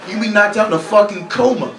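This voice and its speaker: A man's voice: high voice, quick pace, over music. Young male stand-up comic, sardonic, self-mocking, banters with the crowd; raised voice, roomy bar heard from afar. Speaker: stand-up comedian. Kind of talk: live stand-up set. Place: bar comedy night. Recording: roomy bar recorded from far off, crowd laughing.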